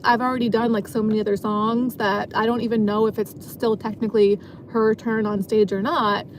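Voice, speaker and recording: A woman's voice: fairly high pitch, a little hiss or hum. A woman casually telling a long story from her job as a dancer, rambling and filling her sentences with "like". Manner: rambling, filler-heavy, frequent "like".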